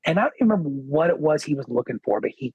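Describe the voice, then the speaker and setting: Guy on a podcast telling a story, kinda husky voice, dry close sound, keeps going "he goes" and doing the other guy's lines. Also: on the high side, racing, dry recording, highs cut off. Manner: animated, quotes others with "he goes" and acts their lines; loose filler-heavy phrasing. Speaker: podcast guest, guitarist. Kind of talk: casual anecdotal storytelling.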